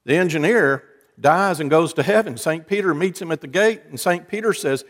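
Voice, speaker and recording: A man delivers a sermon in a church sanctuary, spinning folksy jokes and wry asides for his congregation. His voice sits a little high, and it rings out with a long hall reverb. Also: expressive, moderate pace, a bit bright. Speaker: preacher.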